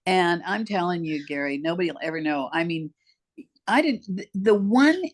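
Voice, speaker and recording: A woman's voice: fairly low pitch, lively intonation, normal speed. An older woman telling her life story as an interview guest, emphatic and heartfelt, talking straight to the host. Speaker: podcast guest.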